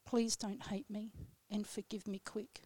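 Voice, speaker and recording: This woman recites her own poem in a slow, solemn, measured way. Her voice sits in a middle pitch with very little rise and fall. The studio sound is dry and close. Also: little pitch movement, mellow, husky, no echo. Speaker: radio guest poet. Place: radio studio.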